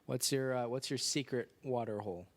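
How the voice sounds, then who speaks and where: Male podcast host, middle pitch, deadpan and sarcastic, casual chat. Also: a little fast. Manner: dry, sarcastic, joking. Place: indoors on a couch.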